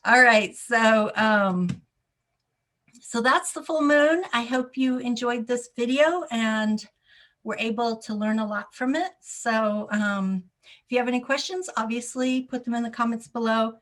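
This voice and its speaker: A woman astrologer giving a casual solo talk, repeating key points for emphasis and pausing on ums. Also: a little high, a bit bright. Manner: frequent ums and uhs.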